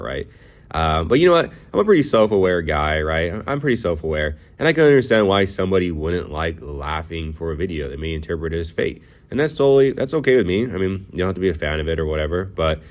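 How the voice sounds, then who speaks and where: A man hosting his own faceless commentary channel, talking casually with lots of fillers and "right?" checks. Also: low-pitched. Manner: casual, filler-heavy, keeps asking "right?". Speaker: faceless YouTuber host.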